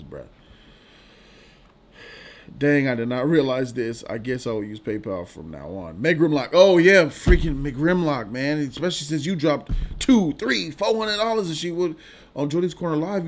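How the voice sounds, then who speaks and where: A man hosting a live stream, chatting casually with viewers in loose slang and laughing often. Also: on the high side. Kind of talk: casual live-stream chat reading donations.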